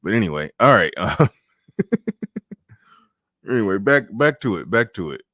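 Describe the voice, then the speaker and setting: A man's voice: on the low side, sing-song, moderate pace, fairly bright tone, no room sound, studio quality. A man hosting a podcast in casual political chat, loose and profane, laughing often and restarting his sentences. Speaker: podcast host.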